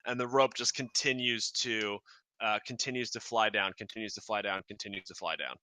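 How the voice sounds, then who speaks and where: A man's voice: lowish voice, steady tone, brisk, pushed and bright, dry recording. A man narrating as dungeon master in a tabletop game, rambling with many fillers and restarts.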